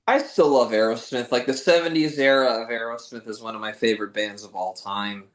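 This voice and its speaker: A man's voice: mid-range voice, steady tone, brisk, reverberant, poor audio. A man co-hosting a podcast in casual chat, joking and exasperated.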